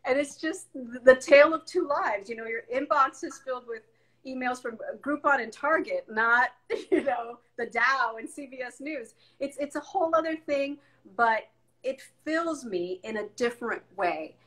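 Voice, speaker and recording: Woman in her forties, fairly high voice, casual interview guest, lively storyteller. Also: moderate pace, poor audio. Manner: animated storyteller, acts out family voices.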